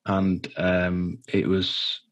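Halting, nervous man, low-pitched. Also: completely flat delivery, a bit bright. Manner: halting, earnest, many fillers and restarts. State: nervous, anxious while speaking. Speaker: guest. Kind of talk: personal interview testimony.

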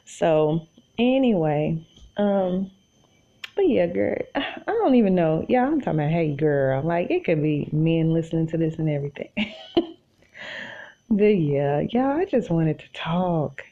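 Speaking on the phone-quality sound of her solo podcast, a Tulsa woman with an Oklahoma accent talks casually from her bed and calls her listeners y'all. Her lowish voice is sing-song and unhurried.

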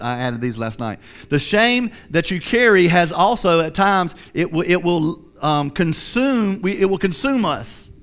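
A man's voice: fairly high pitch, a bit bright. A man preaching a sermon, earnest and repetitive, often voicing the thoughts of a guilty listener. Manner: earnest, repetitive, acts out inner voices. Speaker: pastor.

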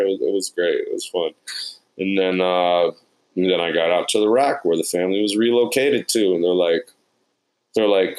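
In a rough recording, a man with a lowish voice shares interview stories from his career as a production sound mixer in New York. He brings the people he encountered to life by acting out their lines.

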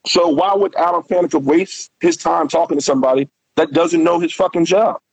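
A man's voice: a little high, fairly quick, vocal fry, a little hiss or hum, low-quality recording. A man who is a former pro football player, telling candid, profane stories in a casual interview. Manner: candid, profane, loose storytelling.

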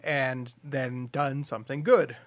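A man's voice: medium pitch, fairly even intonation, slow pace, no room sound. A man hosting a comic book podcast, joking and laughing often as he talks. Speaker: podcast host. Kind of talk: casual comedic chat.

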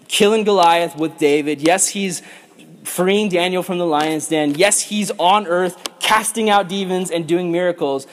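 A man teaching a casual Bible lesson to young people as their youth pastor, joking around and rambling between verses. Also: high voice.

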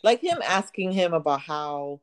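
A woman's voice: deep voice, expressive, a little slow. A woman chatting casually as a co-host, playful and teasing, laughing easily. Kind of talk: casual chat.

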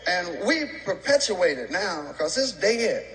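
A man's voice: high voice, very animated, unhurried, a bit bright, echoey room, poor audio. A male stand-up comedian telling a brash, profane story in a comedy routine.

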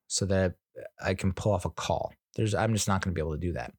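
In a low voice and at a fairly quick clip, a middle-aged man hosting a podcast rambles through an exasperated story, cursing freely and performing what others said. The casual monologue has studio quality and no echo.

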